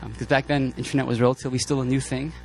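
A man preaching a sermon, telling personal stories in a casual, joking, animated way with many fillers and restarts. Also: mid-range voice, very fast, faint music behind.

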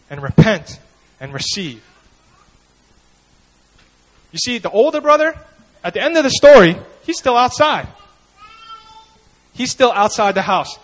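A man's voice: high voice, poor audio. A man preaching a sermon in a conversational way, often acting out the people he quotes. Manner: conversational, animated, acts out quoted voices. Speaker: pastor.

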